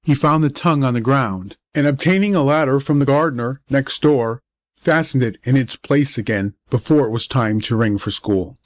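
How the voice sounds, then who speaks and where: A man reading a story aloud as an audiobook narrator, in a measured storytelling manner. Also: mid-range voice, no room sound. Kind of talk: scripted narration.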